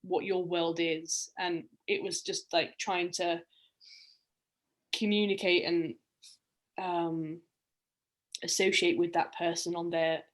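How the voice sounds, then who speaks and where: This is a woman in her young adult years with a voice that sits on the lower side. She talks casually and reflectively, winding through her stories with frequent ums and restarts. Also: little pitch movement, takes it slowly, pauses often. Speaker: guest, round-the-world cyclist. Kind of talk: casual podcast conversation.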